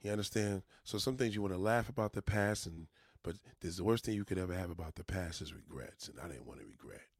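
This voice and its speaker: A New York City vlogger speaks fast with lively intonation in a low-pitched voice, his New York accent clear in clean studio sound with no room noise. He gives his viewers a loose, profane, rambling monologue with motivational asides.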